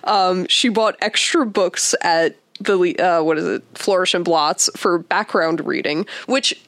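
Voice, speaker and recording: A woman hosting a casual book discussion, talking in an animated way and laughing often. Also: fairly low pitch, a little slow, no echo. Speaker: podcast host.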